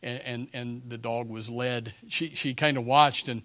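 Preacher, man, folksy and bright-toned, dry close sound, hushed lines that flare into shouts. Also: medium pitch, fairly even intonation, measured pace, no room sound. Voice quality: restarts and repeats words often. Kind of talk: sermon.

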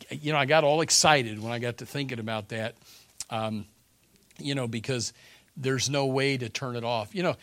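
A man delivers a church sermon in a folksy, storytelling way, stumbling and restarting as he goes. His voice is bright and forceful and sounds close and dry, and he drops to a hush before bursting out loud. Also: medium pitch, dry recording. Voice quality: restarts and repeats words often. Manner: folksy storytelling, swings from hushed to shouting. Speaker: preacher.

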